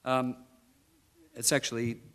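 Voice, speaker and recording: A man preaching a Bible teaching with a bright, forceful voice. He explains and stresses key words emphatically, pausing and restarting as he goes. His voice is a touch congested, with some throat clearing. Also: medium pitch, flat delivery. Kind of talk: sermon.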